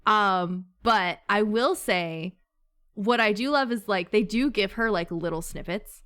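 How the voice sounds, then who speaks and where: A woman's voice: medium pitch, unhurried, fairly bright tone, clean tone. A woman chatting casually about a book with friends, gushing and swearing freely, with lots of fillers. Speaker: book club member. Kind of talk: casual chat.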